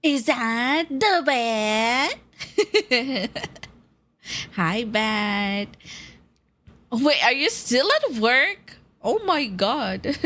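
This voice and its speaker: A woman streamer, her voice sitting a touch high and her talk unhurried. She chats warmly with her viewers, greeting them one by one and breaking into giggles. She mentions feeling nauseous and dizzy today. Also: animated. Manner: giggly, greets chat by name, bursts of laughter. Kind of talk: casual live-stream chat with viewers.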